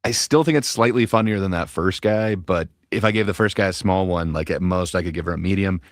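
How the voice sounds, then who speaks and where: A man's voice: low voice, fairly quick, no room sound, clean studio sound. A man hosting a casual panel chat, talking hesitantly, with lots of fillers, and laughing easily. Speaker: panel host.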